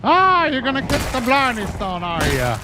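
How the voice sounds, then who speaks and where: A man voicing a cheery cartoon leprechaun mascot in an exaggerated mock Irish accent, high and jokey. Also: huge pitch swings, normal speed, background noise, heavily acted. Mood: playful. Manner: jokey, high squeaky put-on lilt.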